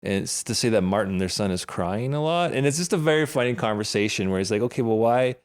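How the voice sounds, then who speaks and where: A man's voice: lowish voice, expressive, fast talker. A man co-hosting a podcast, chatting casually about a TV series, acting out quoted lines and laughing often. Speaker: podcast co-host. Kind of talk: casual chat recapping a TV show.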